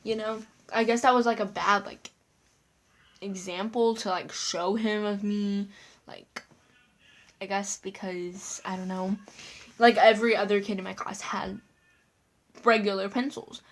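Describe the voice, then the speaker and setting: A woman's voice: mid-range voice, steady tone, measured pace, long pauses. Girl vlogger, story time, rambling with "like" everywhere, laughs between bits. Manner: chatty, lots of "like" fillers, giggly asides.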